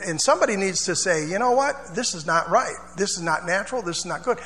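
A male pastor preaches in a church, talking in a loose, conversational way and drawing the congregation in with call-and-response. His voice sits high and rings bright. It carries a long hall echo over a faint hum. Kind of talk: sermon.

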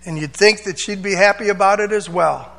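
High-voiced preaching man, gravelly. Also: a little fast, pushed and bright, long reverb tail. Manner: preaching with call-and-response amens; dramatic, acts out voices of Bible figures. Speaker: pastor. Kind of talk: sermon.

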